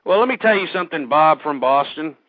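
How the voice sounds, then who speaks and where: A man's voice: on the high side, lively intonation, fairly quick, dry recording. A man hosting a radio show, ranting at listeners in a hostile, angry way. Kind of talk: ranting talk radio monologue. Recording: tinny phone-like dry audio.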